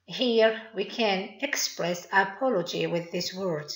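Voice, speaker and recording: A native Arabic speaker with a Moroccan accent and a medium-pitched voice teaches an online English lesson, speaking slowly and deliberately and praising her learners. The recording has a roomy echo.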